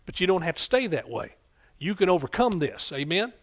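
A middle-aged man preaches with a voice pitched a little above most men's. He is fervent and keeps calling out for amens. He drops to quiet asides, then rises into loud bursts. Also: big pitch swings, fairly quick. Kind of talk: sermon.

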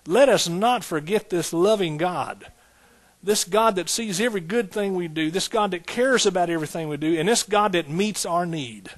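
A man's voice: high-pitched, moderate pace. A man preaching a sermon as pastor, building points through rhythmic repetition and folksy asides.

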